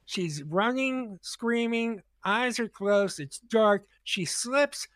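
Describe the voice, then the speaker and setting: A man's voice: high voice, expressive, slow, a bit bright, no room sound, clean studio sound. A man on a podcast, telling a rambling, profane story in casual chat, full of restarts.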